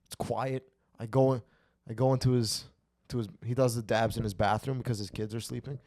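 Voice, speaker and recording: A man's voice: medium pitch, steady tone, a little fast, darkish tone. A man co-hosting a podcast, telling a profane, rambling, self-mocking story in casual chat. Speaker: podcast co-host.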